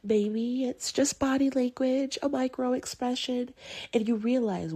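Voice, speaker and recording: A young woman vlogger, sick and rough-voiced, chatting casually to camera from her bed in a meandering way that slips into whispers. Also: high-pitched, unhurried, warm tone. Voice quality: husky. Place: bedroom, lying in bed.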